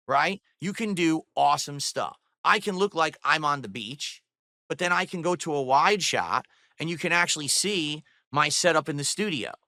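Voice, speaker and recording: A man's voice: fairly high pitch, sharp tone, no echo. A man streaming from his home studio, mocking and cursing at a rival while talking to his chat. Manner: mocking, profane, scornful; addresses viewers and chat directly. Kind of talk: livestream rant. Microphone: studio microphone on a boom arm.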